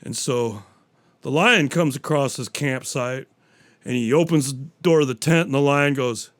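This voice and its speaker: A man's voice: medium pitch, unhurried. A man hosting a solo podcast, rambling through stories and jokes with plenty of swearing. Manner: profane, rambling storyteller. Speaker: podcast host.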